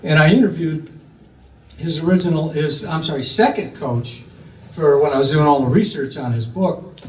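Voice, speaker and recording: An older man from Ohio tells a family story in a loose, rambling way, with plenty of fillers and little voices for the people he quotes. His voice sits a little high for a man. He sounds a bit away from the mic in an echoey room, with faint room noise behind him. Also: normal speed, far from the mic. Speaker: storyteller recounting family history. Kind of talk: casual spoken storytelling.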